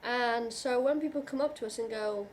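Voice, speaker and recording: A woman vlogger with a fairly high voice talks directly to her viewers in a heartfelt, openly emotional, and reassuring way, often halting and restarting as she works through her thoughts. Faint room ambience and a little hiss or hum are audible.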